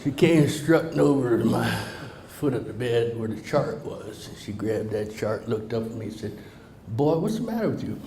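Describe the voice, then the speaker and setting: A man's voice: mid-range voice, fairly even intonation, moderate pace, mellow. Folksy joking man telling a story in a roomy hall. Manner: folksy, joking, talks directly to the crowd. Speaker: motivational speaker. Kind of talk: humorous personal storytelling to a live audience. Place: hall with a live audience. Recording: roomy hall reverb, faint noise.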